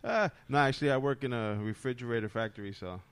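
A man in his forties with a New Jersey accent, co-hosting a loose podcast chat. His voice sits in an ordinary middle pitch, and he talks bluntly and cracks jokes as he trades jabs. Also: fast talker, clean tone. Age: 40s. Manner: joking, blunt and bantering. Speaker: podcast co-host. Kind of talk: casual chat.

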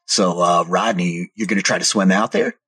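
A man narrating a tabletop game as game master, telling the scene slowly and descriptively. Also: low voice, bright, forceful tone, breathy edge. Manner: slow, descriptive storytelling.

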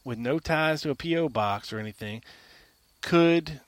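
A man's voice: a little high, measured pace, no echo. A man hosting a podcast alone, arguing his case emphatically and firing off repeated rhetorical questions. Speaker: podcast host. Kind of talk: argumentative solo monologue.

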